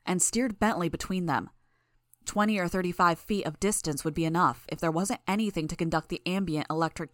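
A woman narrating a first-person fan audiobook in a steady, tense storytelling manner. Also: fairly low pitch, no room sound, clean studio sound.

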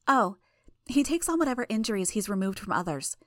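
A woman voicing a sly young female villain who talks quickly and teasingly in a dry recording. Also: mid-range voice, very animated, dry recording, voice pushed up, natural voice. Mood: breezy.

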